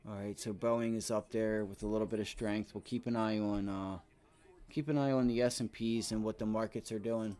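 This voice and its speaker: On his live trading stream, a man in his thirties mutters at the chart and talks with viewers in casual commentary, now and then swearing and growing frustrated. He speaks at normal speed in a lowish, dark, clean voice with fairly even intonation.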